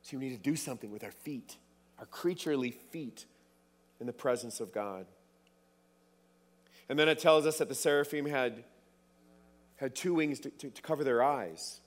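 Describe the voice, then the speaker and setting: A man's voice: mid-range voice, moderate pace, pauses often, in a large hall. A man preaching a sermon, emphatic, repeating words for stress.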